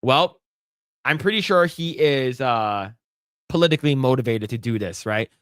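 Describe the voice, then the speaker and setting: A man co-hosting a casual podcast, talking bluntly and profanely with lively storytelling. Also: mid-range voice, moderate pace, smooth, dry recording, studio quality. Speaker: podcast co-host.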